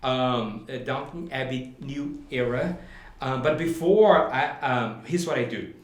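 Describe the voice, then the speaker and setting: A man co-hosting a film podcast in casual chat, enthusiastic and halting, with many fillers. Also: medium pitch. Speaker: podcast co-host, film reviewer. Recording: echoey room.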